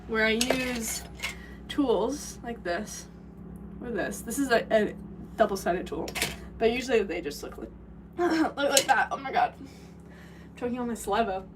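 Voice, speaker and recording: A young woman rambling casually and laughing as she chats with a live-stream audience from a pottery studio. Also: on the high side. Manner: rambling, chatty, quick to laugh. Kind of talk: casual live-stream chat while working. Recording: distant mic with background noise.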